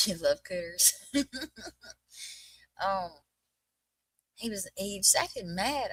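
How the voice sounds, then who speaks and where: A middle-aged Southern woman spins a funny family story in a casual livestream chat, laughing as she goes. Her voice is bright and sits close and dry on the mic. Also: medium pitch, animated, very slow, pauses often, no echo, poor audio.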